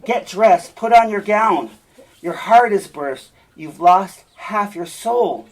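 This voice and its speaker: A man reading aloud a scheming male soldier, declaiming urgently and shouting. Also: sits high, expressive, slow, pitched above the performer's own voice, exaggerated voice, low-quality recording. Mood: alarmed shouting. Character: scheming male soldier raising a loud night alarm.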